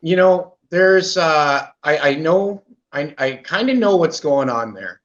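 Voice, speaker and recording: A man from Canada, a podcast guest, candidly telling his own story in an animated way, often asking "right?" as he goes. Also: on the high side, takes it slowly. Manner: animated, with frequent "right?" asides. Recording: muffled lo-fi audio.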